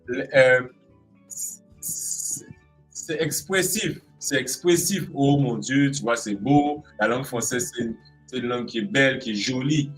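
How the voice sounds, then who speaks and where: A man's voice: mid-range voice, moderate pace, slightly rough, faint music behind, low-quality recording. A man from Guadeloupe with a Guadeloupean French accent, chatting in an interview and acting out expressions with playful voices. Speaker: creative arts specialist guest. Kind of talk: casual interview chat.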